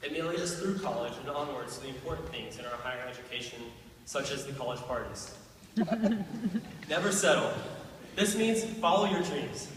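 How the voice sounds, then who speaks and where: A teenage boy giving a graduation speech with dry, deadpan humor. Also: medium pitch, a little fast, slight background noise. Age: teens. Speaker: graduating student speaker. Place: large hall. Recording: echoey hall from far off.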